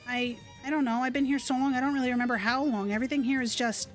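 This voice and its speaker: A woman voicing a glum, listless little girl, talking in a flat, mumbling way. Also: high voice, fast, faint music behind, close to an everyday voice.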